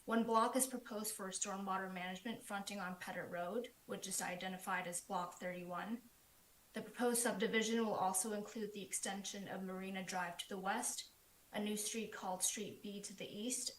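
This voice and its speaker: A woman's voice: mid-range voice, fairly even intonation, moderate pace, a little hiss or hum. Woman planner on an echoey remote call. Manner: reads steadily through a prepared report. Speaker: planner presenting a proposal. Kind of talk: formal presentation.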